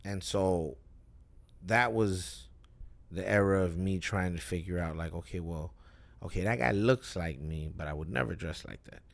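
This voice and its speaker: A man rapper as a guest, talking in a loose, profane, rambling way while high, often cutting himself off. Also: moderate pace, vocal fry. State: high, with cotton mouth. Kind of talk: casual live-stream chat.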